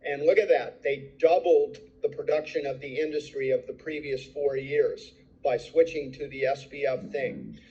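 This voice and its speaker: A man's voice: medium pitch, steady tone, normal speed, mellow, dull audio. An older man presenting his entrepreneur story, telling it eagerly and acting out the dialogue he quotes. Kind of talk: recorded slide presentation.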